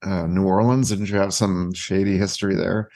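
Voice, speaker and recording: Gravelly low-voiced hesitant man. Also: fairly even intonation, darkish tone, dry recording. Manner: halting, repeats words, teasing. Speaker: podcast co-host. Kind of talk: casual podcast banter.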